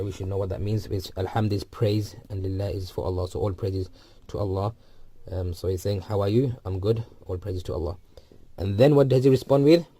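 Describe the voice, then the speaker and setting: Low mellow-voiced man teaching a lesson. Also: no echo. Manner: explains step by step, repeats phrases, frequent ums. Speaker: Arabic teacher. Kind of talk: recorded textbook lesson.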